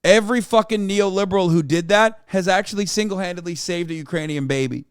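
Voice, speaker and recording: A man's voice: sits high, quick pace, clean tone, no echo, studio quality. An American man hosting a livestream, riffing sarcastically with lots of swearing. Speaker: streamer. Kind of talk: casual livestream commentary.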